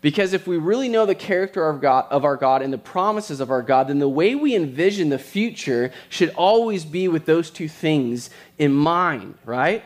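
A man as pastor, preaching a sermon in a conversational way and telling stories with quick asides. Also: on the high side, lively intonation.

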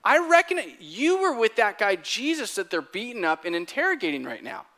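A man's voice: sing-song, normal speed, pushed and bright, exaggerated voice. A man voicing a pushy, insistent teenage servant girl in a sermon retelling. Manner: pushy, certain, raised pitch.

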